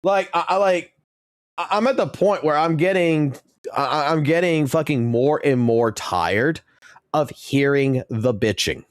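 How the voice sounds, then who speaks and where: A man's voice: fairly high pitch, a little slow, no room sound, clean studio sound. A man in his thirties or forties, a game streamer ranting profanely and with exasperation during a live broadcast.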